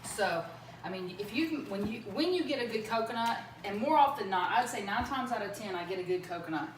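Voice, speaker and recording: A woman's voice: mid-range voice, animated, a little fast. A woman chatting casually as she demonstrates a recipe in her home kitchen, rambling with plenty of fillers and asides. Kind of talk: casual cooking demo. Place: home kitchen with running water. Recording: echoey room, mic at a distance, loud background noise.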